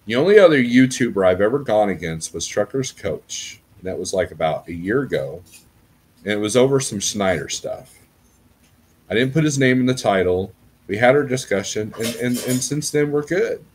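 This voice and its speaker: Low-voiced rambling trucker man. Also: lively intonation, moderate pace, a little hiss or hum. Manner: rambling, conversational, checks in with "okay?". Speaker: trucker YouTuber. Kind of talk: casual vlog monologue.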